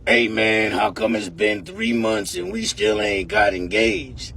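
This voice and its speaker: A man voicing a bossy older woman with a deep, aggressive tone. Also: expressive, measured pace, fairly bright tone, a little hiss or hum. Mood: gruff. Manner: deep gruff scolding tone.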